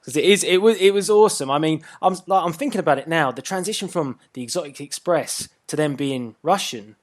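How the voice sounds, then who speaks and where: A man's voice: on the high side, fairly quick. A man hosting a casual interview, eager and enthusiastic with his guest. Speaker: interview host.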